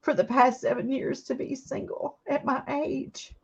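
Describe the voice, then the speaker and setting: A woman's voice: sits high, little pitch movement, measured pace, slightly rough, muffled recording. A middle-aged woman chats earnestly with her viewers while crafting. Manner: chatty, earnest, addresses viewers warmly as y'all. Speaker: craft livestream host. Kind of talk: casual chat while crafting. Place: home, indoors.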